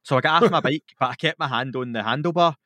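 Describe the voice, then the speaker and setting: A man with a Glasgow accent telling sweary, animated stories in a casual podcast chat. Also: a little high, quick pace, dry recording. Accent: Scottish, Glaswegian. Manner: sweary, animated, laughs through his stories. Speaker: podcast guest.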